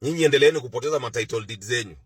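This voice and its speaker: A Kenyan man giving mocking social media commentary in a sarcastic, drawn-out way. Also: medium pitch.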